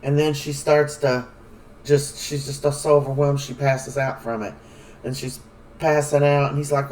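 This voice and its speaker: Man, casual rambling recap, slightly high voice, a bit far from the mic. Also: level tone, unhurried, a little mellow. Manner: rambling, chatty, many fillers. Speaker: soap opera recap vlogger.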